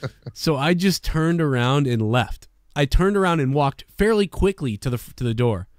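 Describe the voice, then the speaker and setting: A man's voice: a little high, normal speed, no echo. Guy, podcast co-host, casual profane storyteller, dry close recording. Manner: rambling, profane, animated storytelling.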